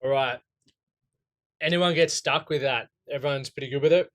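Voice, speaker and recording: A man's voice: mid-range voice, normal speed, a bit bright. A man with an Australian accent leading a goal-setting workshop for men, talking casually and bluntly, often swearing and checking in with the group. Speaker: coach running a men's goal-setting workshop.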